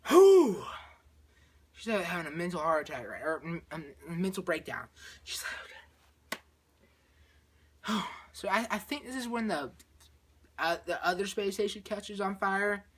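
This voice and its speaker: A man's voice: high voice, moderate pace, fairly bright tone, a little hiss or hum. A male vlogger retelling a movie in a rambling, repetitive way, acting out scenes with sound effects.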